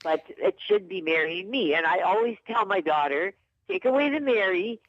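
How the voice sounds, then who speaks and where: A woman calling in to a radio show, earnest and lively, heard over a phone line. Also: mid-range voice, normal speed, no echo. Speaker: caller. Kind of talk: phone-in call. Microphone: telephone.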